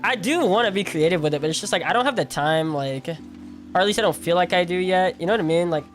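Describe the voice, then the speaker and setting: A man's voice: sits high, animated, quick pace, soft background music. A tired man in his twenties streaming, chatting casually in a rambling, self-mocking way and laughing often. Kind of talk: casual livestream chat while gaming.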